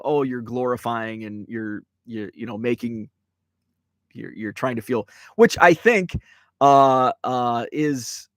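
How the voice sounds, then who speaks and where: A man of ordinary pitch chats loosely on his live stream, stopping to read out viewer comments. His talk wanders with many ums and restarts, and the sound is close and dry with no room around it. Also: a bit bright, dry recording. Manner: rambling, many fillers and restarts; reads viewer chat aloud. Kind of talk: casual live-stream chat. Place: Wisconsin home.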